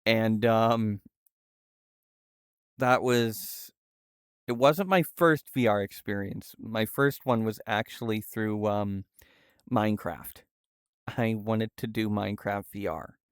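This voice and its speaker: Streamer, young man, low clear voice, slow and halting, soft-spoken, dry close sound. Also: dry recording. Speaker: livestreamer. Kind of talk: casual livestream chat. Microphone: VR headset setup.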